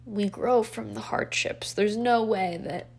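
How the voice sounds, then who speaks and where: A woman's voice: medium pitch, a little slow, creaky, a little mellow, husky. A woman in her twenties talking in an emotional, rambling confessional vlog, tearful and full of fillers. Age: 20s. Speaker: vlogger.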